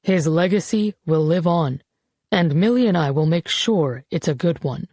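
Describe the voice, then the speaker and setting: A woman reads as a grieving father delivering a eulogy in an audiobook, his voice a touch lower and slow, mellow and dark. Every sentence is measured and solemn. The recording is dry and close. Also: expressive, no room sound. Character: grieving grown man, a father, giving a eulogy. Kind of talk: audiobook character reading.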